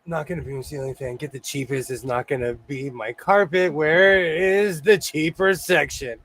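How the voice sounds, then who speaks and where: A man's voice: a little high, moderate pace, fairly bright tone. A man hosting a casual chat from his home sewing room, a rambling, jokey storyteller. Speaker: host.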